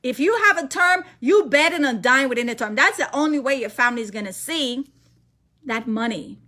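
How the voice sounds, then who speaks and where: A woman giving an energetic, emphatic sales presentation as a financial presenter, repeating key points to her audience. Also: high-pitched, normal speed.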